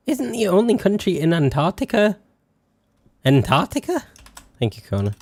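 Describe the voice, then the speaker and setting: A man's voice: high-pitched, wildly swooping pitch, moderate pace, pauses often, no echo. A young British man streaming a game in casual chat, self-mocking and sweary, stretching out words as he tries to spell them. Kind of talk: casual live-stream chat while playing.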